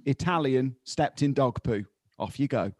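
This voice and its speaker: A man keeping score in a game among friends, brisk and repeating himself. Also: mid-range voice, lively intonation, no room sound. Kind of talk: casual chat among friends.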